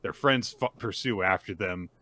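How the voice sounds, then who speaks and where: A man's voice: low voice, moderate pace, bright, forceful tone, slightly rough. A man co-hosting a podcast, casually recapping manga and acting out the characters' lines with laughs. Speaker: podcast co-host.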